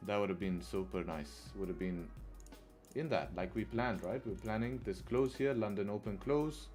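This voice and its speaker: A man's voice: on the low side, moderate pace, a little mellow, faint music behind. A man giving live trading commentary on a stream, talking to his viewers and laughing often in frustration. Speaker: forex trader live streamer.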